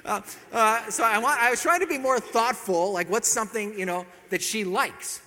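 Self-deprecating guy telling a marriage story, high voice, echoey big hall. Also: normal speed. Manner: self-mocking, animated, laughs at his own jokes. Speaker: speaker at a marriage talk. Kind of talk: storytelling talk to an audience.

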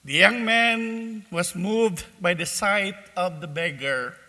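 A male preacher tells a parable to his congregation at a very slow, measured pace, in a high, strikingly bright voice. His words ring out with a long reverb from a large church. He tells the story in a deliberate way. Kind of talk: sermon with a told parable.

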